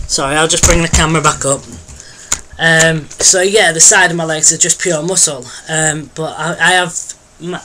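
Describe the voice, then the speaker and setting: A young man chatting through a casual video diary update. His voice sits a bit high for a man and sounds bright and edgy. He rambles and hesitates, restarting sentences and filling the gaps with ums. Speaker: vlogger.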